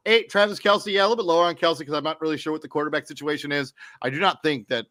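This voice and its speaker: A man talks fantasy football rankings on a casual sports podcast, with a bright, forward tone and a voice sitting a little higher than most. He is close to the mic in a dry space and keeps it loose, tossing in fillers and correcting himself as he goes. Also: rapid-fire, no echo.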